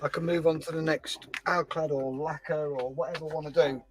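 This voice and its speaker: Chatty guy, fairly high voice, telling stories while he works on a model kit. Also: brisk, low-quality recording. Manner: chatty storyteller, animated voices in anecdotes. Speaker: scale-model livestream host. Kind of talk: casual chat while building a model.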